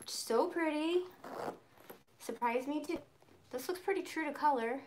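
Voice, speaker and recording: High-voiced, chatty mom vlogger. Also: female voice, a little slow, a little hiss or hum. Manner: chatty, excitable, frank. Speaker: purse vlogger. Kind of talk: casual live-stream chat. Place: at home, in a garden shed. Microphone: phone camera.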